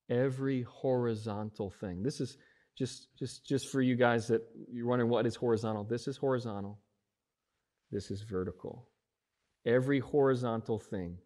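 A man preaching a sermon as pastor, with emphatic rises and drawn-out stressed words. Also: mid-range voice, darkish tone.

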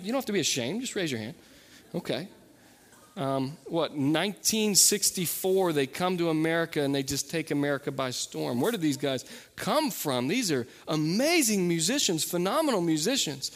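A preacher in a reverberant hall. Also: male voice, a little high, animated, normal speed. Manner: preaching earnestly, dropping to soft intensity on key points. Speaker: pastor. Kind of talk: sermon.

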